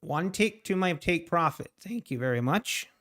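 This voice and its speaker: A man's voice: a little high, lively intonation, normal speed, a bit bright. A man streaming his trading live, talking to the chart and chatting with viewers between laughs.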